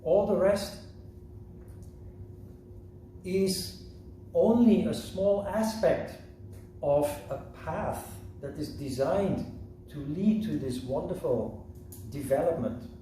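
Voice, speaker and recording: A man teaching a yoga lesson in a slow, measured, reflective way. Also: fairly high pitch, lively intonation, warm tone, slight background noise. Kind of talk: lecture. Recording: roomy echo from a distant mic.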